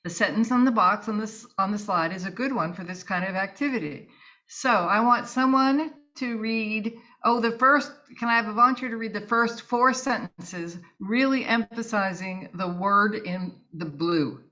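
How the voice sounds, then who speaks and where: A woman's voice: mid-range voice, normal speed, bright, forceful tone. A woman co-leading a tutor workshop, introducing activities in an upbeat, encouraging way, recorded with dull lo-fi audio. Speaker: tutor trainer. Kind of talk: workshop instruction.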